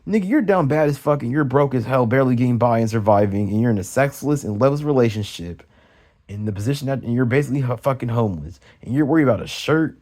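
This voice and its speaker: A man's voice: medium pitch, animated, quick pace, darkish tone. A young man venting in an agitated, profane late-night rant, tripping over restarts as he goes. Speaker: vlogger.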